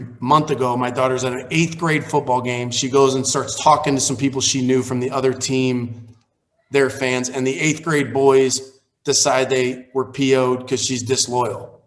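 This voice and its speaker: Man, forties, pastor, candid, conversational storytelling, heated at times. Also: mid-range voice. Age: 40s. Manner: candid, grows heated and animated while recounting. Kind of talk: casual storytelling on a training call.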